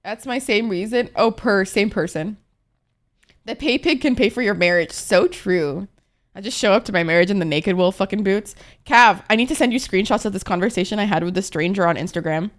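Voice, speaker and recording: A woman's voice: mid-range voice, fairly quick. A young adult woman streaming, chatting casually with her viewers in a playful, rambling, profane way, often laughing.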